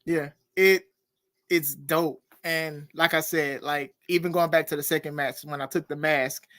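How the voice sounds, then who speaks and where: Animated high-voiced male podcast host. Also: a little slow, no room sound, clean studio sound. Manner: animated, laughs often, reads viewer comments aloud. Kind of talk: casual interview chat.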